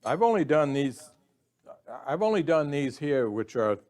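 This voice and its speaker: A man's voice: fairly high pitch, big pitch swings, unhurried, darkish tone. A man demonstrating woodturning, explaining his steps in a folksy way and restarting words as he thinks aloud. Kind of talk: instructional demo explanation.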